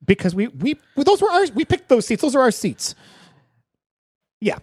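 A man co-hosting a movie podcast, telling stories in an animated way and laughing often. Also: very high voice, normal speed, slightly rough, no echo, studio quality. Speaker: podcast co-host. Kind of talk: casual movie review chat.

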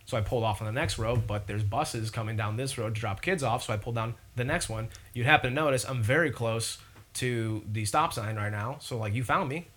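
A man's voice: medium pitch, a little fast. A young man casually telling a long story, rambling and profane, acting out the people in it. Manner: rambling, profane, animated retelling. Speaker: podcast guest.

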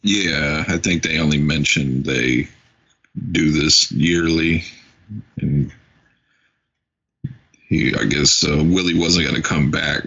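A man's voice: extremely low pitch, takes it slowly, gravelly, long pauses, bright, forceful tone, husky. A man chatting about a movie with a co-host in a laid-back, hesitant way. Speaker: podcast co-host. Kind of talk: casual movie recap chat. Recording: dull lo-fi recording.

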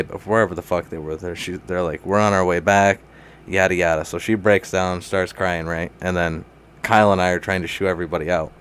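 A man's voice: sits low, a bit bright, smooth. A young man telling a wild story in casual chat, laughing often, swearing freely and calling everyone dude. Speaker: guest.

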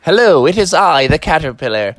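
A woman's voice: deep voice, big pitch swings, fairly quick, dry recording. A woman voicing a showy male caterpillar who delivers singing telegrams, speaking in a grand, announcing way.

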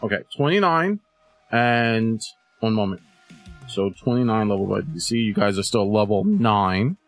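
A man's voice: lowish voice, expressive, unhurried, faint music behind. A man narrating as game master, describing scenes and explaining dice rolls patiently.

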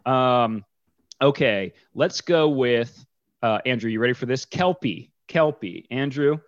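A man's voice: mid-range voice, lively intonation, no echo. A man co-hosting a casual podcast chat, joking and playfully teasing his co-host. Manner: playful teasing, quick jokes. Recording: dull lo-fi sound.

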